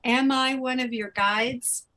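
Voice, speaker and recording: A woman channeling a tender, soft-spoken mother in spirit. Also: sits high, fairly even intonation, slow pace, exaggerated voice, poor audio. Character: loving departed mother speaking from spirit.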